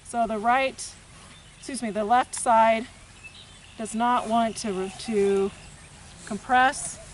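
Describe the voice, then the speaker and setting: A soft-spoken woman with a fairly high voice talks through a hands-on equine therapy session outdoors. Her explanations are gentle and unhurried. Faint outdoor noise and birdsong sit behind her on the camera mic. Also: fairly even intonation. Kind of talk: hands-on demonstration narration. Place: outdoors with a horse, rural setting.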